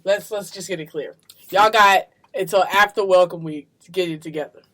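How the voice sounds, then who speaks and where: A young woman from Virginia co-hosting a podcast, loud and projecting her voice, laughing often in casual chat. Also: fairly low pitch, normal speed. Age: young adult. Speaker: podcast co-host. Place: library room.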